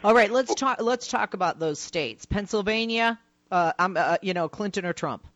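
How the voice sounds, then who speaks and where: A woman hosting a radio talk show, questioning her guest in a brisk, rapid-fire way. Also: mid-range voice, fairly bright tone, dry recording, muffled recording. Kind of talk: radio interview.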